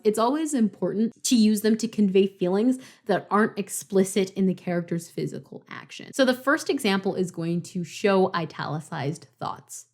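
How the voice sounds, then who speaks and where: A young woman talks through craft advice for new writers in a relaxed, chatty way. She reads short example passages aloud, then questions them line by line. Her voice sits at an ordinary middle pitch for a woman. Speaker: writing vlogger. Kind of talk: casual explanatory writing tips.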